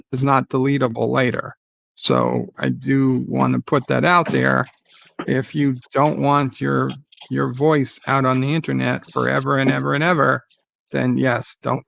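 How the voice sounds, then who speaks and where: A man's voice: mid-range voice, creaky, a bit bright. A man hosting a casual live stream, reading out viewer comments and rambling through a story with many fillers and restarts. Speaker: livestream host.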